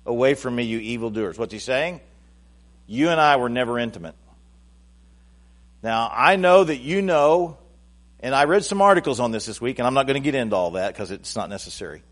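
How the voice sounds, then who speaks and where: A man's voice: expressive, fairly quick. Preaching man, conversational then rising. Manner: conversational preaching that builds to loud, high-pitched emphasis; addresses the congregation directly, restarts phrases. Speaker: pastor. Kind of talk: sermon.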